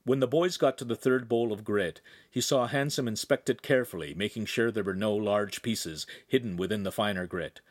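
A man's voice: moderate pace, no room sound, studio quality. A man reading a young adult novel aloud as narrator, shifting into raised voices for the characters. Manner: lively storytelling, voices each character with raised pitch. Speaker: audiobook narrator. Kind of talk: scripted narration.

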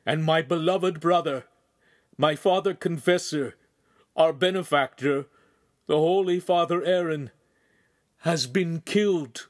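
A male narrator voicing a grieving older master who speaks slowly and brokenly. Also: a little high, pitched above the performer's own voice, lightly acted. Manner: halting, choked with grief.

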